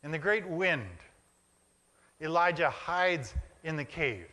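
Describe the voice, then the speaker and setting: A male pastor delivers a reflective sermon in a church, building images through short phrases he repeats. His voice sits a little high and carries a bright, forceful edge. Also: animated, slow. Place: church sanctuary.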